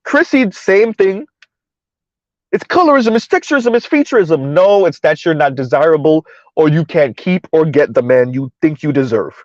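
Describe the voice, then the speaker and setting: A man with a fairly high voice hosts a casual live stream, answering his chat with mocking sarcasm. The sound is dry, with no room around it, and a little dull. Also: expressive, normal speed, no echo.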